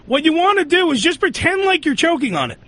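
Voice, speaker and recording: A man's voice: very high voice, sing-song, quick pace, a crowd in the background. A man hosting a crude comedy talk show, telling stories in a rambling, raunchy way. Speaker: radio show host.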